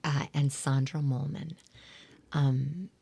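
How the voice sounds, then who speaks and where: A woman from South Dakota, a theater performer and teacher, telling stories in a rambling interview chat with lots of fillers and soft whispery asides. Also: low voice, little pitch movement, slow pace, vocal fry, slightly rough. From South Dakota, USA. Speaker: guest, actor and theater teacher.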